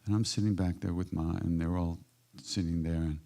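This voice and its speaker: Deep gravelly older man telling stories. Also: fairly even intonation. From United States. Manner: unhurried, warm-hearted anecdotes with emphatic bursts. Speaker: spiritual teacher answering audience questions. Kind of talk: reflective storytelling.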